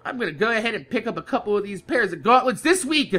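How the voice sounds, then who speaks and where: A man hosting a gaming video, telling a loud, profane story and laughing through it, then talking calmly through game gear. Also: high voice. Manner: slows down and over-enunciates when quoting himself. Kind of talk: casual storytelling rant over gameplay.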